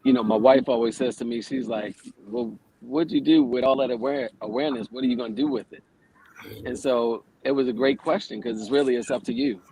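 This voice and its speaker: A man's voice: mid-range voice, fairly even intonation, fairly quick, crowd noise, low-quality recording. A man in his forties, a yoga teacher, telling stories in a casual, plainspoken way as a radio guest. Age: 40s. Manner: conversational, plainspoken, swears casually. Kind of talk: casual radio interview storytelling.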